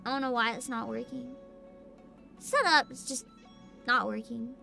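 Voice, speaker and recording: A woman's voice: a little high, measured pace, vocal fry, bright, forceful tone, soft background music. A young woman hosting a casual VTuber livestream, sleepy and giggly, reading chat aloud. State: sleepy and tired.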